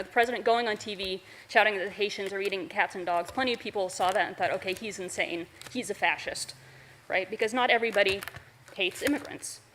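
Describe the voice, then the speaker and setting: A woman's voice: medium pitch, a bit bright, a little hiss or hum. Scathing woman at the public comment mic. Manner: scathing, cutting, profane. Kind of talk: public comment at a council meeting. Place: council chamber.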